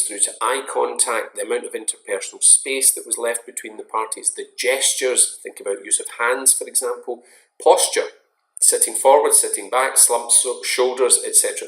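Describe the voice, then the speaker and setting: A man giving a recorded online lecture in a measured, explanatory way, stressing key words. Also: fairly low pitch, a bit bright. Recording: roomy echo.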